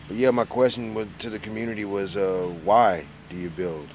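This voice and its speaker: The man speaks briskly, barely pausing, in a lowish voice against slight background noise. A hungover model-building live streamer from Mississippi, he rambles in easygoing, self-deprecating, folksy chat.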